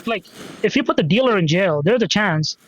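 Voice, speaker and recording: A man's voice: high-pitched, animated, fairly quick, slight background noise, rough recording. A man hosting a solo podcast, rambling and swearing, with lots of fillers and restarts as he repeats himself. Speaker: podcast host.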